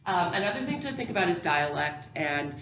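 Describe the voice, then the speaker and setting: A woman's voice: on the low side, sing-song, a little fast, sharp tone, echoey room, slight background noise. A woman teacher educator giving a recorded lecture, explaining patiently with many ums and restarts.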